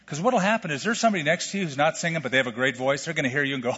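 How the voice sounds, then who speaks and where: A man's voice: on the high side, rapid-fire, husky. Middle-aged pastor guy preaching, chatty, lots of questions, dull lo-fi sound w/ long hall echo. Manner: animated, conversational preaching with rhetorical questions. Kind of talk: sermon. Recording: lo-fi sermon recording with long hall reverb.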